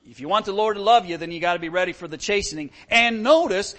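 A man's voice: high voice, quick pace, hardly any pauses, fairly bright tone. A middle-aged man preaching a sermon as pastor, impassioned and full of rhetorical questions.

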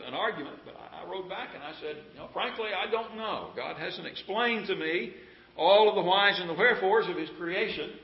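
A man's voice: on the high side, gravelly. A man preaching a sermon in an earnest, pleading way, often asking his listeners questions. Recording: roomy, dull lo-fi sound.

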